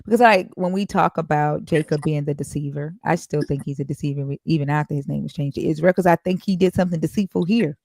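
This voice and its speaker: A woman's voice: low-pitched, fast talker, creaky, hardly any pauses, darkish tone, no room sound. A woman co-hosting a casual Bible chat who asks pointed questions and reasons them out aloud. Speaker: podcast co-host discussing the Bible.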